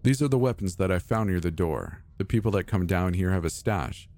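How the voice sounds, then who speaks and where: A man doing a gentle, reassuring young man. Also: low-pitched, lively intonation, a little fast. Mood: explaining. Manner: soft, patient, quietly encouraging.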